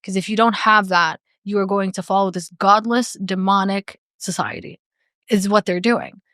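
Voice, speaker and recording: A woman's voice: medium pitch, animated, moderate pace, fairly bright tone. A woman talks in candid podcast conversation, earnest and reflective, leaning on "like" as she goes. Her voice sits in a middle register and comes across dry, with no room echo. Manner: earnest and reflective, many "like" fillers. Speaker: podcast guest.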